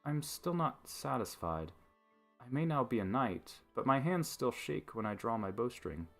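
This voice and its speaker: A man voicing an earnest, sincere young noblewoman knight in a game, speaking softly and earnestly. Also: medium pitch, sing-song, unhurried, gravelly, soft background music, heavily acted.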